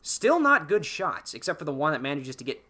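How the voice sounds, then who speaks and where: A man hosting a podcast, telling a film's plot in a casual, profane, animated way and acting out the characters' lines. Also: fairly high pitch, a little fast. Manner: animated, profane storytelling with acted-out character quotes. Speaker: podcast host. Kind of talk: casual spoiler-filled film recap.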